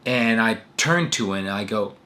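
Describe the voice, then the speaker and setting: A young man in his twenties telling a personal story to camera in an earnest, animated way. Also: fairly low pitch, moderate pace. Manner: earnest, animated retelling with acted quotes. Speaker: vlogger. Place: New York City.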